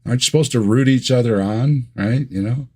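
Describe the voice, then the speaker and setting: A man who is a guest on a casual livestream chat, speaking in a wry, slow and deliberate way with dry asides. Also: mid-range voice, dark tone.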